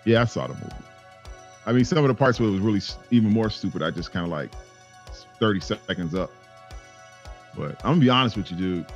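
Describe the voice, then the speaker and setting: A man co-hosts a horror podcast in casual chat with a lively, swinging pitch. He is blunt, slangy and teasing, and faint music sits under his voice. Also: fast, long pauses, dull audio. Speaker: podcast co-host.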